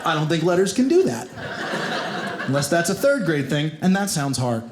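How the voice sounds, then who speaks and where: A man's voice: on the high side, normal speed, heavy background noise. A man from Kentucky doing a stand-up comedy set, telling stories and acting out the voices of people in them. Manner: animated storytelling, acts out quoted voices. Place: comedy club stage. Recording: echoey theater with loud audience laughter.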